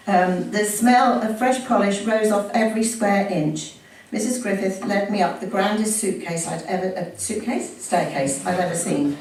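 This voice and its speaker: A woman's voice: mid-range voice, measured pace, a little mellow, a little hiss or hum. A woman chatting casually and reading a story aloud from a book, laughing and correcting herself as she goes. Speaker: reader sharing a family story. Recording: echoey room from far off, faint ambience.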